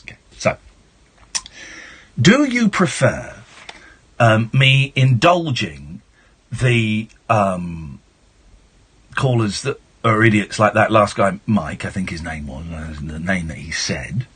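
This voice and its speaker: A middle-aged man hosting a late-night phone-in radio show, switching from shouty mock outrage to soft reflection. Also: lowish voice, big pitch swings, takes it slowly, long pauses, husky. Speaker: radio talk show host.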